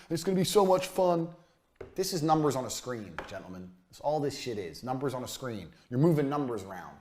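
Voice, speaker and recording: A man giving a blunt, profane business lesson as a coach, mocking and forceful in his delivery. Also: a little high.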